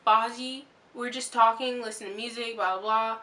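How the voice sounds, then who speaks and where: A young woman telling a story to her vlog viewers in a rambling, excitable way, with lots of fillers and restarts. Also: a little high, moderate pace. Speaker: vlogger.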